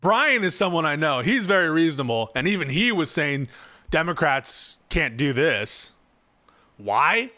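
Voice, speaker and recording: A man's voice: on the high side, sing-song, a little slow, pushed and bright. A man doing casual live-stream commentary on politics, reading chat and ranting in a profane, exasperated way.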